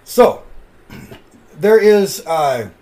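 A man hosting a podcast, chatting casually and telling stories with animated delivery. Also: high voice, extremely slow. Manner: animated storyteller. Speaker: podcast host. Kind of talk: casual chat.

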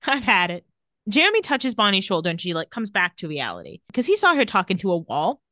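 A young woman telling a TV episode's plot in casual podcast chat. Her voice swings lively up and down, and she giggles easily as she talks. The sound is dry and close. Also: medium pitch, fast talker, dry recording. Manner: giggly, animated storytelling. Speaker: podcast co-host.

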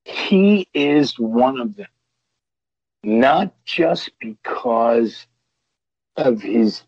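A middle-aged man tells wrestling road stories at an unhurried pace, with a gravelly, husky voice. He rambles, restarting and repeating words as he goes. The dry podcast audio sounds dull and lo-fi. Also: mid-range voice, darkish tone, dry recording. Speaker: guest, veteran pro wrestler. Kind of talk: storytelling podcast interview.

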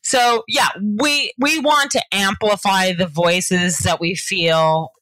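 Bright-voiced woman from Georgia, earnest. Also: medium pitch, no echo, poor audio. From Georgia, US South. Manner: earnest, animated advocacy with quick asides. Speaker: political party organizer. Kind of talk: interview conversation.

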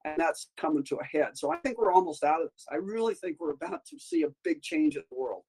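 A woman's voice: low-pitched, sing-song, fast talker, mellow, slightly rough, rough recording. A woman appearing as a guest doctor in a casual interview, talking in a chatty, meandering way that jumps between topics.

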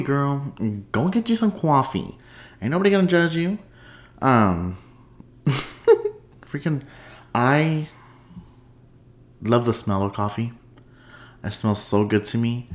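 A man hosts a solo podcast in a bubbly, unscripted chat, sounding sleepy after a long day. He laughs a lot and lifts his pitch for playful asides.

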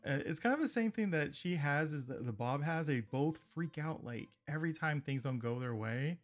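A man with a slightly raised pitch recaps a cartoon episode in a loose, chatty way, breaking into small laughs between remarks. Soft guitar music plays faintly behind him. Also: animated, moderate pace. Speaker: podcast host.

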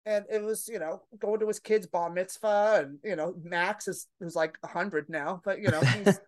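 Animated woman comic telling stories. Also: medium pitch, normal speed. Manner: animated, acts out her own panicked thoughts. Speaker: stand-up comedian, guest. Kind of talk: casual storytelling chat.

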